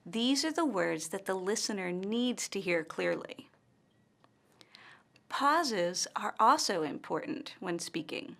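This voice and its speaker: Woman pronunciation teacher, scripted lesson narration, slow and instructional. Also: medium pitch, lively intonation, creaky, fairly bright tone.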